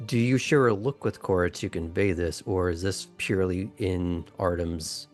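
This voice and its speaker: Man, game master, lowish voice, questioning players, faint music. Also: normal speed. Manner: guiding, asks players questions. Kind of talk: running a tabletop game.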